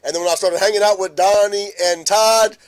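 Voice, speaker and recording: This middle-aged host talks fairly quickly on his laid-back morning stream, his voice sitting high for a man. He greets each viewer by name, repeatedly bursting into laughter.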